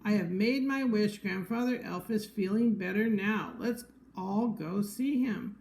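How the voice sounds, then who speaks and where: A woman's voice: mid-range voice, a little slow, a little mellow, echoey room, lightly acted, low-quality recording. A woman voicing a small, cheerful male storybook creature, eager and friendly.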